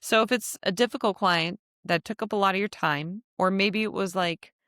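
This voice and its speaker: A woman's voice: mid-range voice, normal speed, fairly bright tone, no room sound, clean studio sound. A woman hosting a casual solo podcast, chatty and laughing often as she acts out little quotes. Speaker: podcast host.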